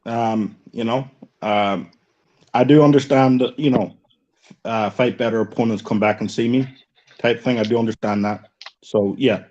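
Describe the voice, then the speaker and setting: A man on a podcast panel, giving a measured, hesitant opinion. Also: mid-range voice, steady tone, darkish tone, muffled recording. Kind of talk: casual chat.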